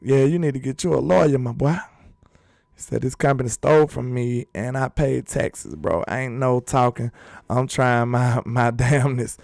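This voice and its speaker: Drawling man with a gravelly voice. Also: mid-range voice, normal speed, a little mellow, no echo, clean studio sound. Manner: loose, drawling, reads chat comments aloud. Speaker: sports channel host. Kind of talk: casual live-stream chat.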